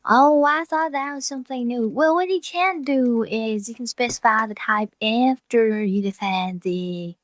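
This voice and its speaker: A woman guest on a coding stream, explaining ideas helpfully with quick agreeing interjections. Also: on the high side, no room sound. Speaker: guest programmer. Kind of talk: casual coding chat.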